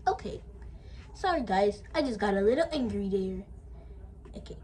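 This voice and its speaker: A woman's voice: medium pitch, expressive, moderate pace, warm tone, slight background noise. A woman playing with paper cats, talking to them and answering in their voices in a playful, bickering way. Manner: playful, switches between bickering cat characters. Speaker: channel creator. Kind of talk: playful paper-cat role-play.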